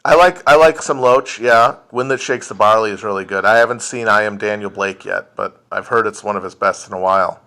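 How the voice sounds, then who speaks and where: A man's voice: on the low side, brisk, hardly any pauses, sharp tone. A man hosting a casual livestream chat, answering viewer questions in a blunt, profane, joking way. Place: indoors at home, streaming. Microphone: phone livestream.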